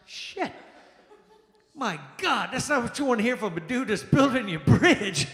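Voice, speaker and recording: A male stand-up comedian performing a lively set, exclaiming and acting out the people in his stories. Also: sits high, moderate pace. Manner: animated, exclamatory, acts out quoted people. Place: jazz lounge stage. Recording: echoey lounge with long reverb.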